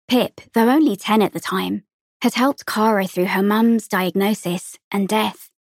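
A woman narrates an audiobook in a steady, measured way. Her pitch is middling, and the recording is dry and close. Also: no echo. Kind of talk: scripted narration.

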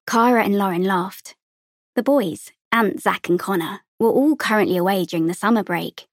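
A woman's voice: mid-range voice, normal speed, no room sound, studio quality. Woman reading audiobook narration. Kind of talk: scripted narration.

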